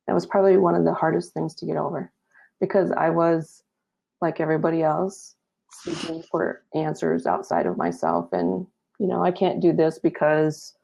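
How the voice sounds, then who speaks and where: Low, gravelly-voiced earnest woman. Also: animated, moderate pace, warm tone. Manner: earnest, reflective, laughs lightly. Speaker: guest. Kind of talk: casual spiritual talk-show chat. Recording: dull lo-fi audio.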